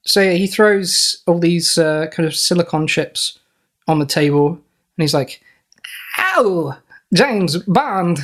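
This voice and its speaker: A man's voice: on the high side, fairly even intonation, unhurried, fairly bright tone. Giggly rambling man. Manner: rambling, giggly, lots of fillers. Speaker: podcast co-host. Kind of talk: casual comedic chat.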